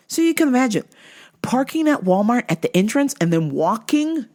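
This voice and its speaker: A woman's voice: fairly high pitch, sing-song, moderate pace, darkish tone. A woman hosting a comedy podcast, telling a story with profane, exaggerated delivery. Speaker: podcast host.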